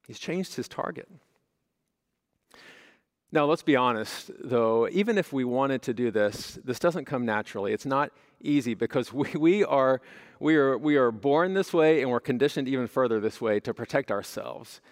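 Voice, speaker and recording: A man preaching a conversational sermon, his voice gravelly with fry. The sound rings out with the long reverb of a large church hall. He asks the congregation questions and answers them himself. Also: mid-range voice, normal speed. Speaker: pastor.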